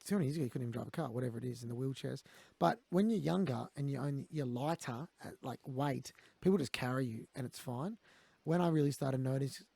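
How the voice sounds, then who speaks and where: An Australian man talking quickly and bluntly, swearing now and then as he tells stories from his own life. His voice is gravelly and mellow. It is recorded close and dry, with no room sound. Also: medium pitch, dry recording. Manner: blunt, swears, quotes others. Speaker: guest. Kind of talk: candid conversational storytelling.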